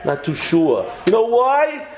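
A man giving a lively Torah lecture, joking and mixing Hebrew terms into English. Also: sits high, slow pace. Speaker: rabbi giving a Torah class. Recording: echoey room, slightly dull sound, faint noise.

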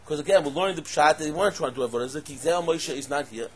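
Animated man teaching a Torah class. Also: fairly high pitch, racing. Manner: animated, rhetorical questions, bursts into loud exclamations. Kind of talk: lively Torah class lecture.

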